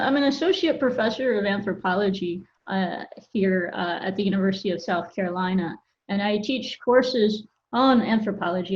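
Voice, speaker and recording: A woman from Florida speaks as a guest professor over a video call, articulate and easygoing with quick laughs. Her voice sits mid-range, and the call audio sounds a little dull. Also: medium pitch, a little mellow. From Florida, United States. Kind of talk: casual video-call interview.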